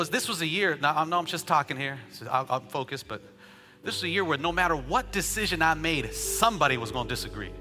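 A man preaching a sermon as a pastor, chatting and joking with the congregation before building up to loud, rhythmic declarations. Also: on the high side. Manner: conversational preaching with jokes, rising to shouted declarations.

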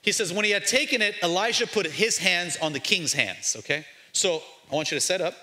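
A man preaching an energetic sermon as pastor, joking and calling out to his congregation in a lively way. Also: high voice, a little fast. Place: church.

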